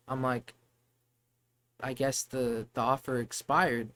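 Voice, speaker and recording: A man's voice: mid-range voice, flat delivery, unhurried, long pauses, fairly bright tone. A young man casually ranting to the camera about his retail job, rambling, swearing freely and working himself up. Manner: profane, rambling, gets heated. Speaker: vlogger venting about retail work.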